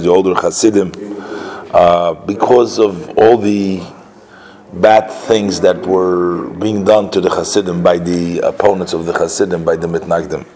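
A man telling a religious story as a lesson, in a halting way with many filler sounds and restarts. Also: low-pitched, darkish tone, rough recording.

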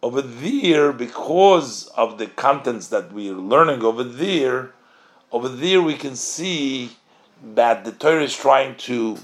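A Torah teacher with a medium-pitched voice leads a study lesson on a religious text. He reads short Hebrew phrases, translates them line by line, and poses questions that he then answers himself.

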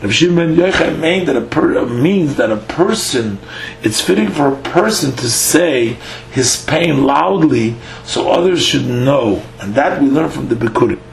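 A man teaching a daily Talmud lesson. He reads a phrase of the text, translates it, and explains it in a halting way with many "uh" fillers. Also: medium pitch, lively intonation, creaky, roomy sound, rough recording. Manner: reads Hebrew-Aramaic phrases, then translates them.

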